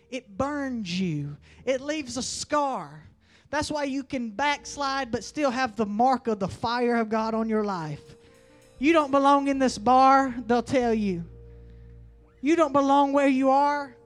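A man delivers a fiery revival sermon in a strikingly high voice. He drives key lines loud, then draws others out slow and heavy. Faint music plays behind him. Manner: preaching with rising bursts and slow emphatic lines. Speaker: preacher.

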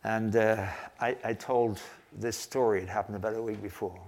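An older man preaching a sermon, telling a story earnestly and slowing down to stress key phrases. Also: lowish voice, fairly even intonation, a little mellow. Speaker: pastor.

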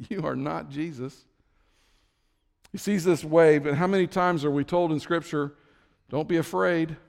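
A man with a fairly high voice preaches a sermon in a storytelling way. He swings from low, quiet asides up to high, excited bursts. His voice rings with the long reverb of a large hall. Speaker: pastor.

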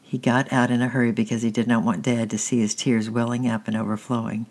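A man narrating a children's storybook in a steady, plain reading voice with small restarts. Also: mid-range voice, fast. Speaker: audiobook reader.

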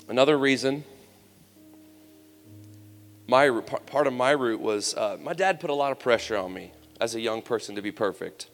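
A man's voice: medium pitch, lively intonation, moderate pace, pauses often. A man giving a personal testimony sermon at a youth camp, telling his story in a candid, conversational way with humor. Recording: long hall reverb, faint music.

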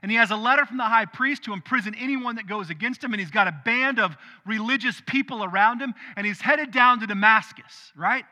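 Forceful, high-voiced male preacher. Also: long reverb tail. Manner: animated, conversational preaching with quick asides. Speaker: pastor. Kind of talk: sermon.

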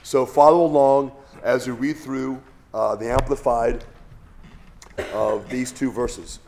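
A man's voice: medium pitch, fairly even intonation, slow pace, a little mellow. A man teaching the Bible as a pastor. He talks in a conversational way, often restarts phrases and checks in with "all right?".

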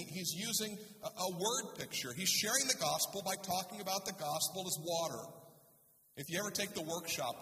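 A man's voice: fairly high pitch, pushed and bright. A male pastor preaching a sermon in a conversational way, reading scripture and asking the congregation rhetorical questions, in a church sanctuary. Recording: echoey hall, speaker far from mic.

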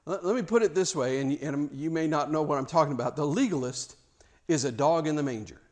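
A man's voice: on the high side, brisk, darkish tone. A man preaching a sermon, emphatic, with rhetorical questions and repeated words.

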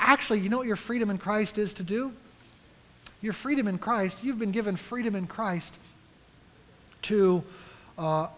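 Male pastor, high voice, earnest sermon with questions to the flock, reverberant church hall. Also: a bit bright. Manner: earnest, direct, asks the congregation questions.

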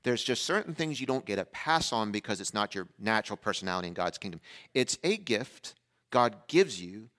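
A man preaching a sermon as a pastor, telling a family story in a casual, conversational way and acting out the dialogue with lively energy. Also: lowish voice, fairly quick. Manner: animated storyteller who acts out dialogue.

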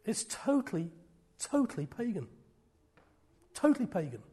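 A middle-aged man preaches with a high, husky voice. He swings between loud, fiery declarations and soft, breathy near-whispers. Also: big pitch swings, normal speed. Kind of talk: sermon.

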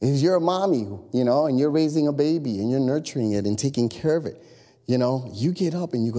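Male pastor, 30s-40s, exhortative sermon, mellow tone, long room reverb. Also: medium pitch, fairly quick. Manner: animated, repetitive exhortation with asides. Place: church sanctuary. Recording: long echo of a large hall.

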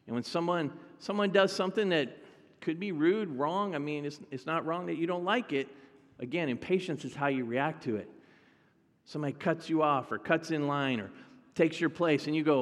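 A man's voice: fairly high pitch, normal speed, big-room sound. A male pastor preaching a sermon in a conversational way, talking directly to his congregation.

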